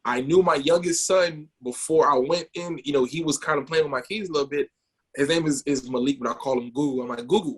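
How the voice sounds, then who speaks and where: A man co-hosting a podcast, telling a personal story in an animated way and often repeating words. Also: fairly high pitch, a little fast, husky. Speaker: podcast co-host.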